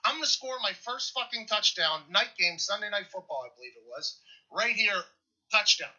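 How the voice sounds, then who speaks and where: A man in his thirties from Pittsburgh, telling a story in casual podcast chat, animated and profane, getting loud at the punchlines. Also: sits high, moderate pace, muffled recording. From Pittsburgh, USA.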